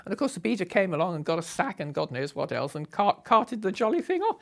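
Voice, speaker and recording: An older woman from Britain recounting travel memories in a lively, humorous way. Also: lowish voice, quick pace, vocal fry. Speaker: storyteller. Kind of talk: recounting a memoir.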